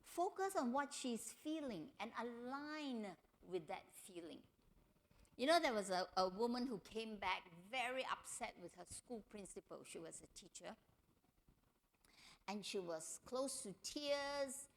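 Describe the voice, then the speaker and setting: A middle-aged woman giving a family seminar talk, telling stories and acting out quotes in a higher voice. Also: measured pace. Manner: animated storytelling, acts out quotes in a higher voice. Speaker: seminar speaker.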